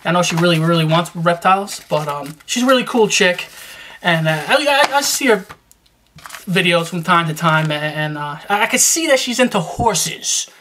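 A man giving casual vlog shout-outs in a hyped, joking, streetwise patter, repeating "you know what I'm saying". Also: high-pitched, lively intonation, moderate pace, a little hiss or hum.

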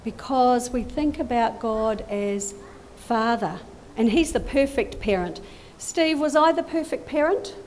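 A middle-aged woman talks with children during a church service. Her voice sits high and swings widely as she asks them questions, and her pace is unhurried. A faint room ambience hangs behind her. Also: expressive, a little mellow, a little hiss or hum. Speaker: children's talk leader at church.

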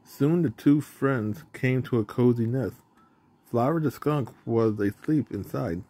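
A man reading a children's storybook aloud in a plain, even narrating manner, with the odd stumble. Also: medium pitch, a little slow.

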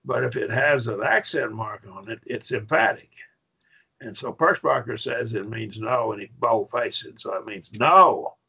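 Lecturing a Bible Greek class, a man stays folksy and patient, checking in with students, repeating "okay?", and slowing to stress points. His medium-pitched voice is gravelly, slightly husky, pushed and bright. The recording is dull and lo-fi.

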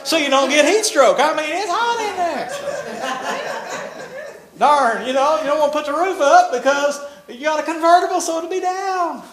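A man's voice: very high voice, moderate pace, fairly bright tone. An older man, telling a folksy testimony in a sermon. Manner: folksy storytelling with laughs and nonstandard grammar. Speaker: preacher. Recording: echoey room.

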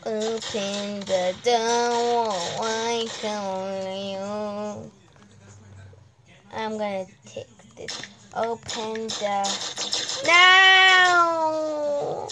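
A woman giving casual gameplay commentary, excitable, humming suspense sounds and talking to the characters on screen. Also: a little high, drawn-out words, pauses often, noisy background. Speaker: gamer host.

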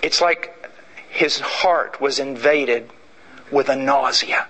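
A man's voice: mid-range voice, slow, pushed and bright, husky, poor audio. A man preaching a sermon in an emphatic, repetitive way, acting out illustrations.

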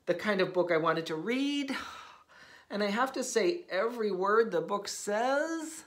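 A man's voice: sits high, expressive, unhurried. A man hosting a read-aloud of a children's book, playful and mock-exasperated at the silly words. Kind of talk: animated read-aloud for kids.

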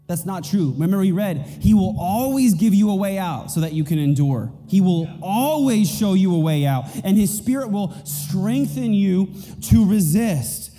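Mellow-voiced pastor preaching in a reverberant hall. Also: male voice, high-pitched, lively intonation, normal speed, faint music behind. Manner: emphatic, repeats key points. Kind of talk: sermon. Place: church auditorium.

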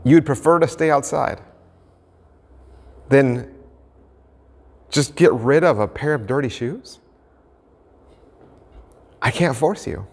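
A man's voice: medium pitch, slow pace, long pauses, long reverb tail. A male pastor giving a conversational sermon and explaining his points through everyday stories.

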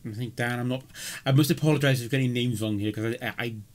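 A man's voice: medium pitch, rapid-fire. A man co-hosting a podcast, adding dry, wry asides in casual chat. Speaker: podcast co-host. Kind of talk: casual chat recapping a live-action role-play event.

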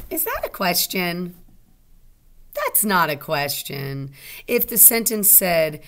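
Slow, patient kindergarten teacher woman. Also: on the low side, very animated, vocal fry, fairly bright tone. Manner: patient, stretches modeled sentences out word by word. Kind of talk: slow children's lesson.

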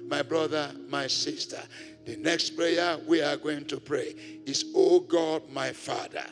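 A male pastor leading a congregation in prayer with a fervent sermon, swinging from loud pleading to hushed murmurs. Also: on the high side, steady tone, measured pace, music in the background.

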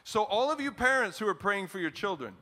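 Bright-voiced man preaching a sermon. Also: high voice, fairly quick. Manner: animated preaching, rising to loud declarations then dropping to a quiet prayer. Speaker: pastor. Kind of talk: closing prayer.

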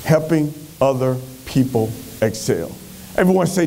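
A man giving an energetic motivational speech on a conference stage, telling stories with animated delivery. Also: mid-range voice, moderate pace. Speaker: motivational speaker.

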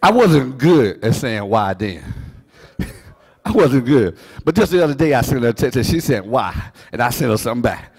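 A middle-aged man preaching a sermon, swinging from soft asides to shouted, half-sung phrases. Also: mid-range voice, big pitch swings, moderate pace, gravelly, husky. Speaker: pastor.

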